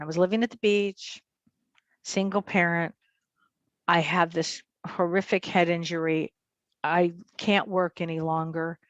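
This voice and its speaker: Animated woman telling a story, dry sound. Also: fairly low pitch, no echo, highs cut off. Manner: fast, vivid storyteller who acts out dialogue. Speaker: medium, interview guest.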